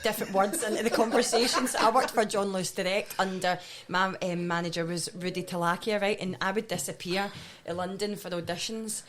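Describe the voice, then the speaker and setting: A woman's voice: mid-range voice, steady tone, a little fast, a bit bright. Chatty woman telling stories. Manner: chatty storyteller, swears casually, acts out voices. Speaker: guest actress. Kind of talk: comedic anecdote telling.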